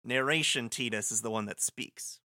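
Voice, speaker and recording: Bright-voiced, joking man. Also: medium pitch, normal speed, no room sound, clean studio sound. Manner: joking, laughs often. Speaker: podcast co-host. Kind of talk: casual chat.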